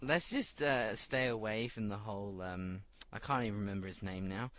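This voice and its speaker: A man's voice: fairly low pitch, moderate pace, fairly bright tone, slight background noise. A man hosting a podcast, chatting casually and teasing his co-host, with a dry and laid-back manner. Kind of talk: casual chat over a call.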